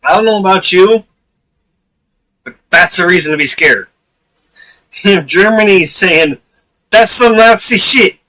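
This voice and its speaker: A man hosts a casual livestream chat, blunt and laughing often, with plenty of swearing. His high voice is animated, pushed and bright, a little slow with frequent pauses, and it sounds distant from the mic.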